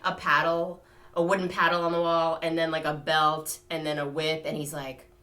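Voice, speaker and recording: A woman co-hosting a comedy podcast, chatting sarcastically about the news and slipping into mock voices. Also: moderate pace. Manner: animated, sarcastic, swings into shrill mock voices. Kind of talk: casual comedic news chat.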